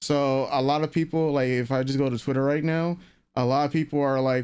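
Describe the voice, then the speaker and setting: A man co-hosting a reaction channel, chatting casually in a rambling, halting way with many fillers and restarts. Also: mid-range voice, steady tone, darkish tone, clean tone. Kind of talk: casual review chat.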